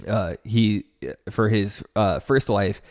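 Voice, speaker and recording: A man's voice: on the low side, fairly even intonation, takes it slowly, a little mellow, dry recording, clean studio sound. A man hosting a relationship podcast, giving earnest, casual advice straight to the listener.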